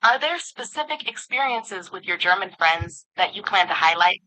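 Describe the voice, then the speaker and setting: A synthetic woman's voice, an AI voice assistant, giving smooth, upbeat, polished replies in conversation. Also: mid-range voice, lively intonation, moderate pace, pushed and bright, low-quality recording.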